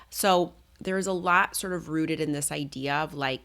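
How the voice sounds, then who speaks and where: A middle-aged woman hosts a solo parenting talk. Her voice sits low and gravelly, with a noticeable fry. She explains things conversationally, full of "like" and "um". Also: steady tone, measured pace, few pauses, fairly bright tone. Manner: conversational, explanatory, with many fillers. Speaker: parenting coach and podcast host.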